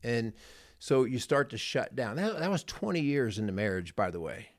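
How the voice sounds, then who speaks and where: A middle-aged marriage coach co-hosting a podcast tells a personal story in casual conversation, earnest and rambling and repeating words. His mid-range voice has a sing-song lilt at a moderate pace, recorded at studio quality with no room sound.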